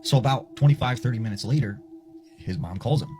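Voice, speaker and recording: A man's voice: mid-range voice, brisk, dark tone, slight background noise. A man casually telling a spooky story, chatty and loose, full of filler words. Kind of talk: casual spoken ghost story. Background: music.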